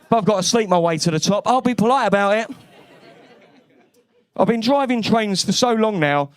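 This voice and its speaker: Brash high-voiced London comedian. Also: male voice, lively intonation, moderate pace, clear, resonant tone, a faint crowd. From East London. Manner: brash, swearing, cheeky. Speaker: stand-up comedian. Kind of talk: stand-up comedy set. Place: comedy club stage.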